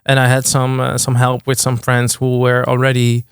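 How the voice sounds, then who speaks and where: A man's voice: mid-range voice, completely flat delivery, normal speed, smooth, no echo, studio quality. A young man, chatting casually as a guest in an interview, often restarting sentences with fillers. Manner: hesitant, many restarts and fillers. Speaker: guest music producer.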